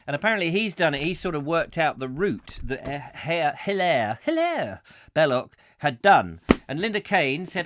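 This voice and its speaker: A man's voice: mid-range voice, sing-song, normal speed, fairly bright tone, no room sound. A man hosting a comic chat show from a home studio, rambling and jokey with theatrical outbursts. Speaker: host. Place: home studio in a back room.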